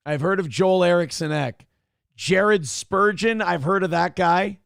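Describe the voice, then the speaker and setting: A man's voice: sits high, measured pace, vocal fry, fairly bright tone, smooth, no echo, clean studio sound. A man hosting a morning show, chatting casually, rambling and swearing as he thinks aloud. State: a little out of breath. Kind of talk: casual live-stream chat.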